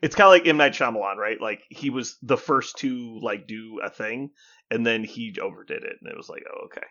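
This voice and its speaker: A man co-hosting a podcast in casual chat, an animated storyteller who acts out both sides of exchanges, swears freely and laughs as he talks. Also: medium pitch, a little fast, lo-fi sound. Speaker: podcast co-host.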